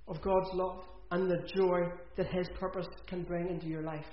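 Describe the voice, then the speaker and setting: A man's voice: high-pitched, level tone, normal speed. A man preaching an earnest sermon in a church, repeating phrases for emphasis. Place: church hall. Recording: echoey, dull church recording.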